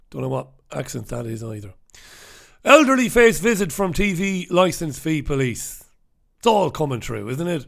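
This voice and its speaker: A brash man hosting a live newspaper review, greeting viewers and reading out their comments. His voice sits slightly high for a man. He is sarcastic and swears freely. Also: sing-song, normal speed, creaky. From Ireland. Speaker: host. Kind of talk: live newspaper review with chat shout-outs.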